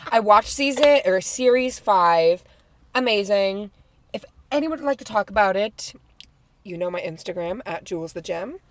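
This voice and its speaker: A young woman co-hosting a casual podcast, giggly and self-deprecating, chatting in an animated way. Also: mid-range voice, moderate pace, dry recording. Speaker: podcast co-host. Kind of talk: casual chat.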